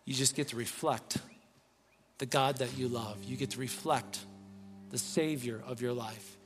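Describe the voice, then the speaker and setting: A man's voice: mid-range voice, steady tone, measured pace. A man preaching a sermon as pastor, earnest and pleading, often restarting his words. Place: church sanctuary. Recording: long reverb, faint music behind.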